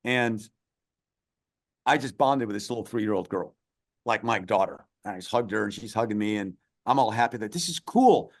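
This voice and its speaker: A middle-aged man, a former soldier recounting a combat story in a podcast interview, animated and emotional. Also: on the low side, moderate pace. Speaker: podcast guest, former Army Ranger. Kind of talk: personal war story in conversation.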